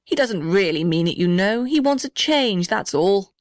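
A woman voicing an old male gum tree in a storybook, gentle and steady in manner. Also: mid-range voice, normal speed, no echo, studio quality, close to an everyday voice. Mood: kindly. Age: older.

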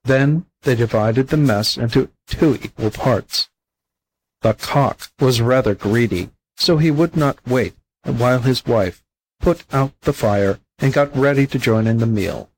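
A man narrates an old fable in a steady, unhurried storybook manner. His voice carries a husky, slightly breathy grain at a middle pitch. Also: low-quality recording. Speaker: volunteer audiobook reader.

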